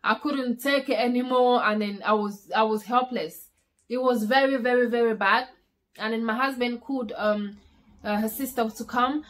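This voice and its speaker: A young woman vlogger telling a personal story at home, casual and animated, repeating words for emphasis. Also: fairly high pitch, normal speed.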